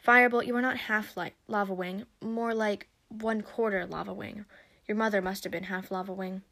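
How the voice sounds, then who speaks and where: A woman reading aloud, voicing a formal, knowing male dragon who explains things in a measured way. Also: mid-range voice, fairly even intonation, gravelly, bright, forceful tone. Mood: explaining. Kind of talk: storybook reading.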